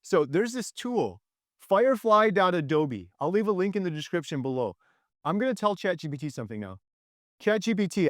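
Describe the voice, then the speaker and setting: Middle-aged man, channel host, enthusiastic and animated, slightly high voice, dry close sound. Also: no echo. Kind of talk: casual video chat.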